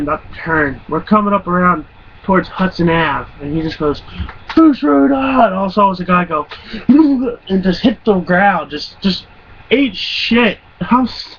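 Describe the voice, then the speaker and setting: A man around twenty telling stories in a casual, rambling and profane way, often laughing. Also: sits high. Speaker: vlogger. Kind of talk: casual storytelling. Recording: muffled lo-fi recording with faint hum.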